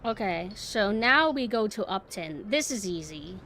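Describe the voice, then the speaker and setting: A woman streamer giving casual gameplay commentary, chatting to her viewers and jumping to high squeals when flustered. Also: expressive, measured pace, pushed and bright, a little hiss or hum.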